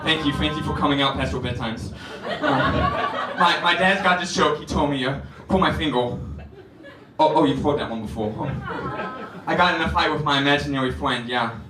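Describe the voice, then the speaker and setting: Male comic playing a cheeky four-year-old stand-up kid, odd voice, lively pitch, heard from a distance. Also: moderate pace, background noise, close to an everyday voice. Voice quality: odd kid voice that weirds people out. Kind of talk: stand-up comedy character bit. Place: comedy club stage. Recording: roomy club, distant mic, crowd laughter.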